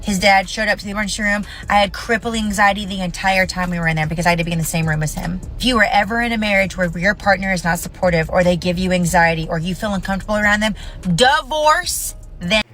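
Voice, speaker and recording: A woman's voice: medium pitch, fairly even intonation, rapid-fire, few pauses, a bit bright. Blunt, indignant woman in her thirties. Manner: blunt, indignant, swears freely. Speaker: mother sharing her story. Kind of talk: emotional video rant to camera.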